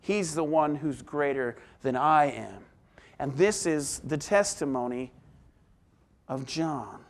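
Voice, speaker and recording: A man preaching a sermon as pastor, reading scripture and explaining it, moving between emphatic exclamations and soft, hushed asides. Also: a little high, expressive, slow pace.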